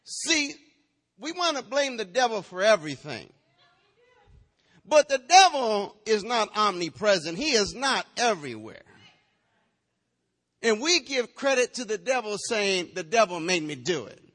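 A man's voice: high voice, sing-song, a little slow, long pauses, a bit bright, big-room sound. A man preaching a sermon in a church, firing rhetorical questions, teasing the congregation and slipping into a sing-song chant.

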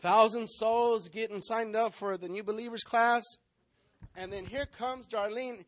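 Sex: man. Role: pastor. Style: sermon. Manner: animated, role-playing. Pitch: high. Room: dry. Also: a little slow, no echo. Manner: animated preaching, acting out congregants.

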